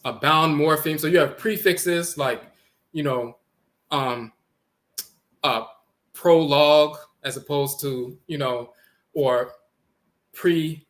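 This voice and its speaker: A man's voice: fairly high pitch, fairly bright tone. A man giving an explanatory lecture, repeating words and sounding out letters as he teaches.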